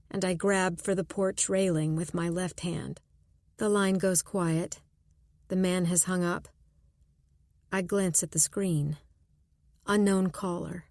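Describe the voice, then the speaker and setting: A woman reads a suspense audiobook in first person, measured and tense. Her voice sits low and moves very slowly. The recording is close and dry, with no room sound. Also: darkish tone, dry recording. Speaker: audiobook narrator. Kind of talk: first-person scripted narration.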